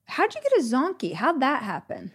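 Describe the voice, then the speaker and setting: A woman in her thirties hosting a podcast interview, upbeat and quick to react in casual conversation. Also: high-pitched, wildly swooping pitch, husky. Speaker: podcast host.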